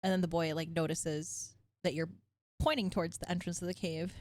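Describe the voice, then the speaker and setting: A young woman narrating as game master, telling the story gently with frequent fillers. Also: lowish voice, little pitch movement, brisk, no room sound.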